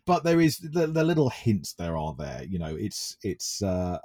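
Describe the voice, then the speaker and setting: A man's voice: low voice, sing-song, normal speed, darkish tone. A man from England co-hosting a casual film podcast, hesitant, with many restarts. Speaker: podcast co-host.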